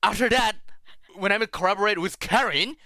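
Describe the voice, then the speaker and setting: A man chatting as a guest on a stream, excitable, laughing loudly and talking with many fillers. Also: high voice, normal speed, no echo, clean studio sound. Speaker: guest Vtuber. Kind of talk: casual collab stream chat.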